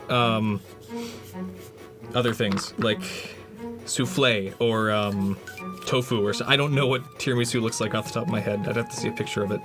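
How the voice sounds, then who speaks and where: A man talking casually on a livestream while painting, joking and answering chat. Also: mid-range voice. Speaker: streamer and prop maker. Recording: music playing under the voice. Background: background music.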